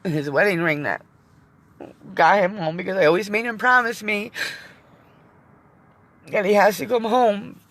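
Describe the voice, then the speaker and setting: A woman's voice: mid-range voice, a little slow, pauses often, a bit bright. A middle-aged woman chatting on a live vlog from inside her van, rambling, emotional and teary at times, with some swearing. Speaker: vlogger. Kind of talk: casual live-stream chat.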